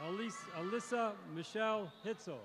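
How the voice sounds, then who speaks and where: A male teacher reading out graduates' names one by one at a graduation ceremony in a large arena, in a measured announcing manner. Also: high-pitched. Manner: measured, announcing each name, with brief self-corrections. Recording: crowd noise in a large arena. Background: crowd cheering.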